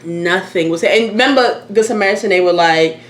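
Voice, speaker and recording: A woman's voice: medium pitch, brisk. Candid woman telling a story. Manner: candid, animated, swears freely. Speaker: host. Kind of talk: casual storytelling chat. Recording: echoey room, faint noise.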